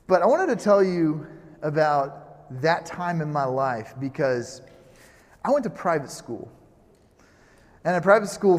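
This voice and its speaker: A pastor in his thirties giving a casual sermon, telling stories in a relaxed, joking way with lots of asides. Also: medium pitch. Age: 30s. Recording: long reverb of a large hall.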